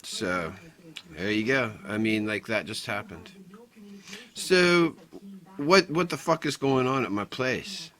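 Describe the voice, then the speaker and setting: A man's voice: lowish voice, animated, takes it slowly, fairly bright tone. A middle-aged man recounting a confrontation in a personal vlog, agitated and swearing often as he retells it. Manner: agitated, profane storytelling. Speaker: vlogger.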